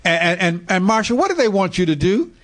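A man's voice: sits high, big pitch swings, brisk, a bit bright. A man hosting a radio health show, enthusiastic and casual, often repeating words as he looks for them. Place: radio studio.

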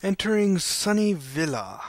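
A man's voice: sits high, very animated, measured pace, dry recording. A young man casually commentating a video game playthrough, cracking goofy jokes to his viewers. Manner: goofy, joking asides to the viewer. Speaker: let's play host. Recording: game music playing underneath.

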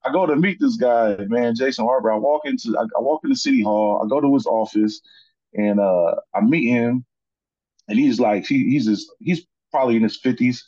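A man from Sacramento, California, a podcast guest telling a story in a relaxed, casual way, full of "you know" fillers. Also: medium pitch, normal speed, no echo, dull audio.

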